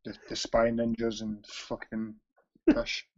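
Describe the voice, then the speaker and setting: A man's voice: medium pitch, monotone, slow, a little mellow, no echo. A Scottish man co-hosting a podcast, chatting casually with blunt, sweary banter. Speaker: podcast co-host. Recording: dull lo-fi sound.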